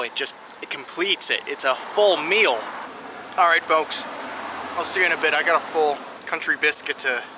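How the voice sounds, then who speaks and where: A man's voice: a little high, noisy background. A man narrating a travel vlog, explaining sights and food with eager, guide-like enthusiasm. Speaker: travel vlogger.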